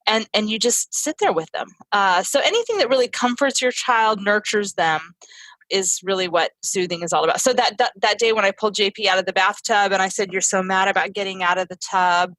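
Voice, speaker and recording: A woman's voice: mid-range voice, a little fast, fairly bright tone, no room sound, low-quality recording. A woman speaking as a parenting educator in an interview, earnest and explaining her ideas through family stories. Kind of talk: conversational teaching in an interview.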